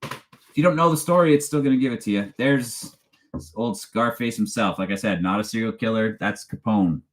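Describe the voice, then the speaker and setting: A man's voice: fairly low pitch, moderate pace. A man, hosting a casual live-stream chat in a rambling, chatty way and laughing often as he reads viewer questions aloud. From Canada. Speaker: true crime channel host.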